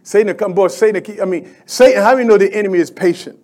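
A man's voice: high-pitched, racing, darkish tone. A middle-aged male pastor preaching a sermon in a fervent, conversational way, repeating phrases and calling out to the church.

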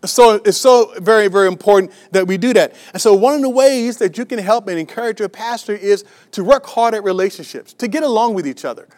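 A man's voice: sits high, fairly quick, few pauses, darkish tone. A man preaching a sermon as a pastor, emphatic and repetitive, with many restarts and fillers, asking the congregation rhetorical questions.

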